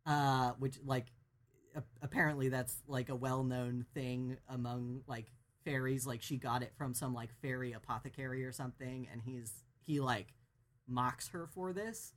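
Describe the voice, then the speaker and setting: Brief: podcast co-host, rambling casual recap, mid-pitched voice. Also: fairly even intonation, a little slow. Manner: rambling, lots of fillers and restarts.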